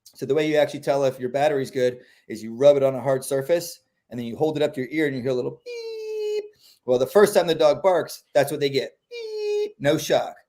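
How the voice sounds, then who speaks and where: A man who trains dogs, talking through training tips in a relaxed, animated way and acting out the quotes he gives. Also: mid-range voice, fast. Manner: animated, acts out quotes in voices. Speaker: dog trainer. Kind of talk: casual explanatory chat.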